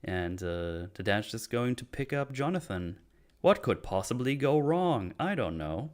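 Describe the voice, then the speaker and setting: A man's voice: mid-range voice, sing-song, measured pace, darkish tone. A man hosting a casual movie discussion podcast, retelling scenes with acted-out quotes and swearing. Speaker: podcast host.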